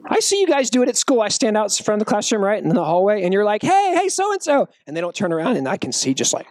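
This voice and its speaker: A man's voice: high voice, very fast, no echo. A man preaching a sermon to young people as their youth pastor, joking and acting out the people in the story. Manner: animated, joking, acts out quotes.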